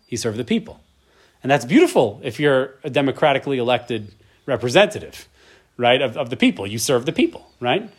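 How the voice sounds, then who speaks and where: A man's medium-pitched, slightly rough voice swings widely in pitch as he talks fairly quickly through a Torah class. He lectures conversationally, frequently tagging points with "right?", and builds toward emotional emphasis.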